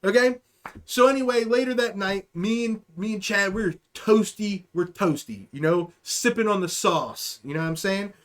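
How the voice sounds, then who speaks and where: High-voiced young man rambling a story. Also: normal speed. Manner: rambling, profane, keeps asking "okay?". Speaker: livestream host. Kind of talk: casual storytelling chat.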